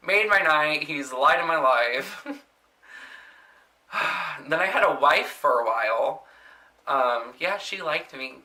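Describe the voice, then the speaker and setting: A young man telling stories from his work as a nursing assistant in a rambling casual way, full of "like" and "um". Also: a little high. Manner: chatty, rambling, frequent "like" and "um" fillers; mimics patients in loud exaggerated voices. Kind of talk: casual storytelling vlog.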